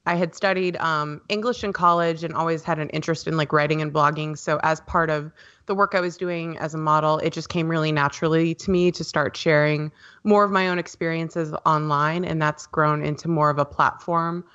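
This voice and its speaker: Woman, podcast guest, casual chat, rambling with fillers, lower voice, muffled lo-fi sound. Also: fairly even intonation, fairly quick, few pauses, fairly bright tone. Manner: chatty, loose, with many ums and likes.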